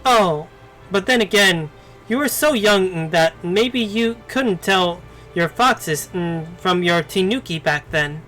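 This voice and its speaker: Playful fox spirit in a game, read by a man; high, slow, teasing. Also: animated, pushed and bright, faint music behind, full character voice, low-quality recording. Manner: coy, teasing reading.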